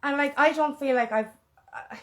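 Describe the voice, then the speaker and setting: A woman's voice: high-pitched, normal speed. A woman empowerment coach talking earnestly and emotionally in a motivational vlog, often repeating a mantra. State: emotional, close to tears.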